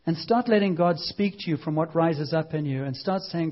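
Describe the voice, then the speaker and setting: A man preaching a lively, conversational sermon, acting out voices and now and then shouting. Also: a little high, moderate pace, few pauses, dull audio.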